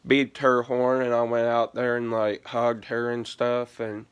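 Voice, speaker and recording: A man chats through a long personal story for his vlog in a smooth, clear voice. He takes his time, drifts between thoughts, swears often and keeps saying "like". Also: medium pitch, flat delivery, a little slow. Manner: rambling, profane, heavy use of "like". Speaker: gaming vlogger.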